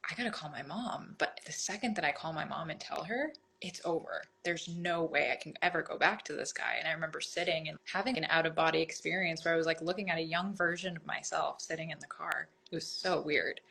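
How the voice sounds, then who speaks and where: A woman guest in a candid conversation, telling her own story in an open, animated way. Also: deep voice, a little fast, vocal fry, hardly any pauses.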